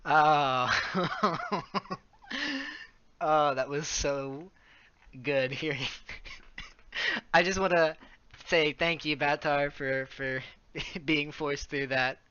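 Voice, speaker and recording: A man's voice: fairly high pitch, drawn-out words, long pauses, sharp tone, clear, resonant tone. A man hosting a casual online chat show, laughing often and steering the conversation. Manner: laughs often, leads the segment. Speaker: podcast host. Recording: dull lo-fi sound.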